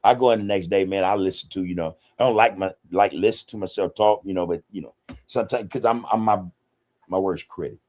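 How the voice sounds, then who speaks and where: A man's voice: low voice, brisk, darkish tone. A man hosting a casual livestream podcast, talking in a loose, slangy way and greeting viewers directly, with "man" and "you know" in almost every sentence. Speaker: podcast host. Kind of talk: casual livestream chat, reading viewer comments.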